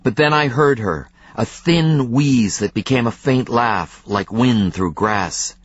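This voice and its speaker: Husky male audiobook narrator. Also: medium pitch, takes it slowly, hardly any pauses, no room sound, lo-fi sound. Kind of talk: first-person audiobook narration.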